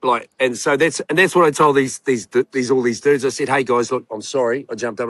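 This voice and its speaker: A man's voice: mid-range voice, steady tone, brisk, a bit bright, no echo. Rambling New man, dry sound. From New Zealand. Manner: rambling, swearing storyteller full of fillers. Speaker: guest. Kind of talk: casual chat.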